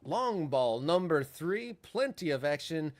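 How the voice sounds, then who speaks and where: A man with a somewhat high voice leads a football podcast segment in an easygoing way, with a few fillers. He keeps the chat moving along. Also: sing-song, a little slow. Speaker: podcast co-host. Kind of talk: casual sports chat.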